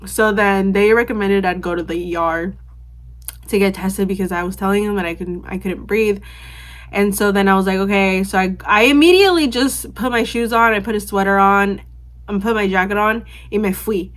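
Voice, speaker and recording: A young woman vlogger tells a story straight to camera in a loose, rambling way. She fills it with "like" and restarts, and swears offhandedly. Her voice sits at an ordinary middle pitch. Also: normal speed. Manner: rambling, filler-heavy, lots of "like" and restarts; candid, swears casually.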